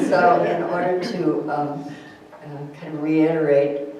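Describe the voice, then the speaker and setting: A woman gives an informal spiritual talk to a small gathering. Her manner is gentle and chatty, and she laughs easily at her own anecdotes. The recording sounds strongly echoey, with the mic picking her up from well across the room. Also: sits low, fairly even intonation, measured pace, recorded from a distance, a loud crowd. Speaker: speaker giving a spiritual thought. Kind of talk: informal talk to a group, reading a quote aloud. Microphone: distant room mic.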